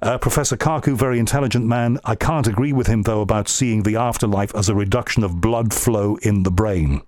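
A man's voice: lowish voice, a little fast, a little mellow, dry recording. A man from Liverpool with an English accent, hosting a radio and podcast show, reading out listener emails and chatting in a conversational, thoughtful way with frequent ums. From Liverpool, England. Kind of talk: reading listener emails on air, then interviewing a guest.

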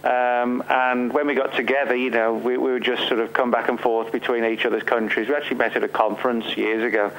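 A man's voice: mid-range voice, level tone, brisk, hardly any pauses, a bit bright, poor audio. A man with an English Midlands accent talks as a guest on a remote interview, wandering through his answers with frequent fillers. A faint hum sits under the line. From Staffordshire, England. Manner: rambling, many fillers and restarts. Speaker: guest, author.

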